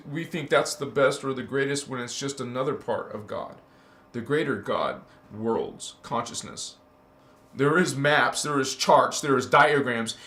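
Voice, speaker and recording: A man's voice: a little high, fairly bright tone, reverberant. A man giving a spiritual teaching monologue, preaching in an emphatic, repetitive way.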